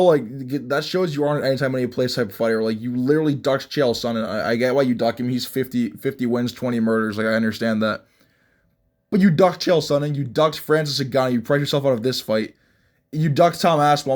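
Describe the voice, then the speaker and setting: Talking fast in a mid-range voice, the young vlogger mocks MMA fights with blunt, rambling commentary. It's casual ranting, full of restarts.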